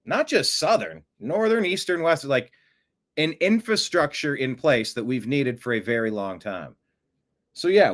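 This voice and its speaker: A man hosting a political commentary show, animated and sarcastic, who often mocks others by putting on high voices. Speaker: host.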